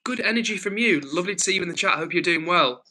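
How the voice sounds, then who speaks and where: This livestream host is a young man from England whose high-pitched, sharp voice moves quickly with lively intonation. He reads out chat messages and answers viewers warmly and chattily, a frog in his throat, all captured on a rough recording.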